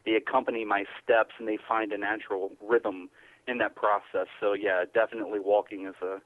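A man, a guest poet, chatting haltingly and repeating words, then reading his poem aloud. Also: on the low side, little pitch movement, dry recording. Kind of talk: casual chat and poetry reading. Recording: tinny phone line.

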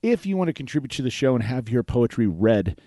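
A man's voice: mid-range voice, sing-song, brisk, mellow, dry recording. A man hosting a podcast in a casual, rambling way, with plenty of fillers and restarts. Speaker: podcast host. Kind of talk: casual talk-show chat.

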